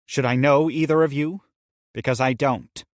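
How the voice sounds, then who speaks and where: A man voicing a wary, brisk woman doctor who speaks curtly and practically. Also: medium pitch, steady tone, no room sound, studio quality, voice pushed up, close to an everyday voice. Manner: curt, practical.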